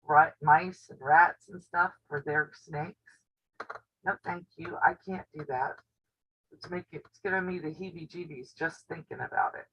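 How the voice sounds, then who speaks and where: A woman with a drawl chats through a casual live stream from home, spinning stories and laughing often. Her voice reaches the camera on the table with a dull, lo-fi sound. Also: fairly low pitch. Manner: chatty storyteller who laughs often. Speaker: quilting channel host. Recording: dull lo-fi audio.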